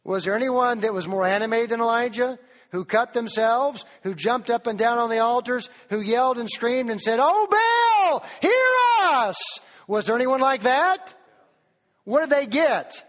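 Male preacher, Tennessee, high-pitched, animated sermon full of questions and King James quotes, echoing hall. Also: normal speed.

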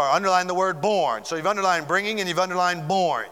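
A man's voice: high voice, fast talker, few pauses, sharp tone, clean tone, long reverb tail. A man preaching a sermon as pastor, fervent and building in volume as he speaks.

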